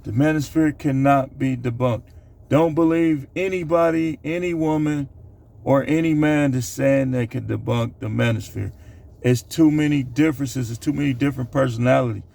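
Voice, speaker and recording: A man with a gravelly, fry-edged voice at an ordinary pitch talks straight into his own camera. He rambles casually through a countdown list, padding it with fillers and side remarks. It sounds like a home vlog monologue. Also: steady tone, moderate pace, warm tone. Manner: loose, rambling delivery with many fillers. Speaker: channel host. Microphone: camera recording himself.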